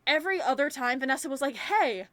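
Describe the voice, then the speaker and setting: High-voiced ranting young woman. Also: moderate pace, no room sound. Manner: animated, ranting, swears freely; rambling, many fillers. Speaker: movie reviewer. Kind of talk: casual spoken review.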